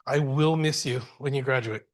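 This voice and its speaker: Middle-aged man, school board trustee, earnest, heartfelt, halting restarts, middle-pitched voice. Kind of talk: board meeting remarks.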